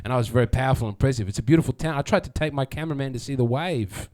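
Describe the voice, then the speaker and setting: A man's voice: mid-range voice, very fast, a little mellow. A man doing a sardonic stand-up set, chatting with the crowd and acting out quotes. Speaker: stand-up comedian. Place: comedy venue with live audience.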